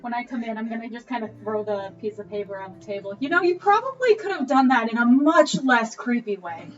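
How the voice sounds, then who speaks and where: A woman's voice: on the high side, expressive, brisk, far from the mic, dull audio, soft background music. A woman playing a tabletop game, talking in a blunt, dry way. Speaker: player. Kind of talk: tabletop role-play chat.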